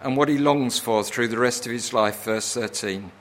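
A man preaching a sermon earnestly, with tag questions, who swells to impassioned, near-shouted pleading when voicing prayers. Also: mid-range voice, moderate pace, hardly any pauses, slight background noise.

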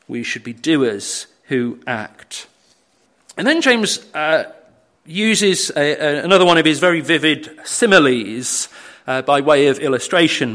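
A man's voice: mid-range voice, a bit bright. A man preaching a sermon, earnest, with frequent fillers and tag questions like "isn't it". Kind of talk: sermon on a Bible passage.

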